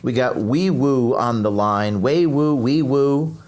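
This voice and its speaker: A man's voice: mid-range voice, takes it slowly, darkish tone. A man hosting a live stream, talking in a rambling, combative way, reading viewer comments and replaying clips.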